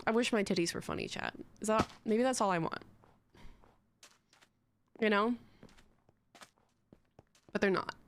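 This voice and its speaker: A woman's voice: medium pitch, measured pace, pauses often. A young woman streaming live, chatting in a rambling, giggly, self-mocking way to her chat.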